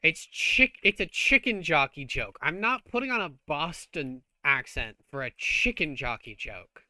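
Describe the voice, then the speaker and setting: Bright-voiced joking male streamer. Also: a little high, lively intonation, measured pace, dry recording. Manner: loose, joking, swears freely. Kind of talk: casual gameplay chat.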